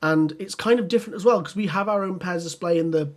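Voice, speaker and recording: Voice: mid-range voice, fast. A podcast co-host chatting casually and enthusiastically, with many ums and restarts. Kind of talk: casual chat.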